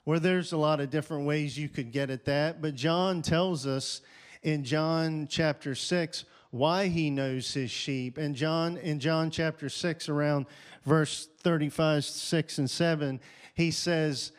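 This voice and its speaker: A male pastor preaching a sermon, repeating key phrases with rising force and pausing for effect. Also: fairly high pitch, steady tone, clean tone. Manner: slow, deliberate delivery with dramatic pauses.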